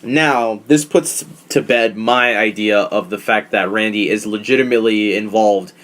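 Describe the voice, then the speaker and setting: A man hosting a casual podcast, talking in a profane, animated, opinionated way. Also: fairly low pitch, normal speed. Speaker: podcast host. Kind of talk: casual wrestling podcast chat.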